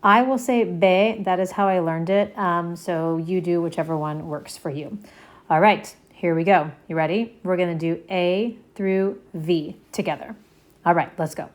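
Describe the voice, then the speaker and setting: A woman's voice: on the low side, measured pace. A woman teaching a language lesson, leading the listener through letters to repeat after her, patient and encouraging, often checking in. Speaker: Spanish teacher.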